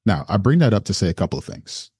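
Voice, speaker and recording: Deep-voiced man, earnest and encouraging. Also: big pitch swings, quick pace, a little mellow, slightly rough, dry recording, clean studio sound. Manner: earnest, encouraging, speaks in lists. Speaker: assistant principal, podcast guest. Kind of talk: casual interview conversation.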